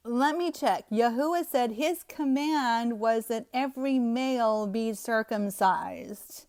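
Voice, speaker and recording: A woman's voice: a little high, slow, few pauses, darkish tone. A scornful, emphatic woman teaching scripture. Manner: scornful, emphatic, laughs at the text. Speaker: Bible teacher. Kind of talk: scriptural commentary to viewers.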